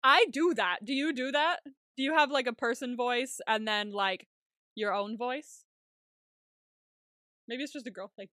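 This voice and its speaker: A young woman co-hosting a podcast in casual chat, chatty and quick to laugh, swearing casually. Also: a little high, pushed and bright, no echo, studio quality. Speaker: podcast co-host.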